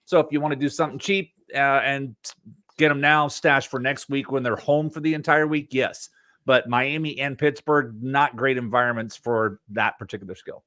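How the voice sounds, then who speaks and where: A man's voice: medium pitch, normal speed, no echo. Sarcastic male podcast co-host. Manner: sarcastic, animated, rambling. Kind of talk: casual podcast chat.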